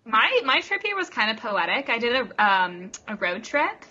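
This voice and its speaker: A woman from Tennessee chats as a podcast guest, giggling and poking fun at herself. Her voice is bright and forceful. The recording sounds a little dull and lo-fi. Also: on the high side, very animated, moderate pace, a little hiss or hum. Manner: giggly, self-deprecating. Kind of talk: casual chat.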